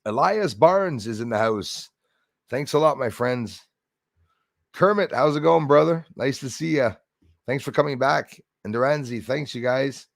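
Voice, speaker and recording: A man's voice: medium pitch, animated, unhurried, creaky, dry recording, studio quality. A man hosting a casual live stream, greeting viewers by name and rambling with jokey asides. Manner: rambling with many fillers and restarts.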